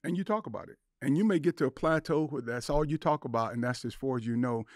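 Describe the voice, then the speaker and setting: A man's voice: mid-range voice, quick pace, dry recording, clean studio sound. Earnest older man telling stories. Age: 60s. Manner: earnest storytelling, acts out quoted dialogue. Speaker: podcast guest. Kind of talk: casual podcast conversation.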